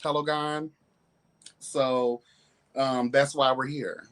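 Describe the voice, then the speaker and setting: Bright-toned male host, sassy and flamboyant, live-stream commentary. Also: mid-range voice, little pitch movement, takes it slowly, clean tone. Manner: sassy, flamboyant, peppered with exclamations.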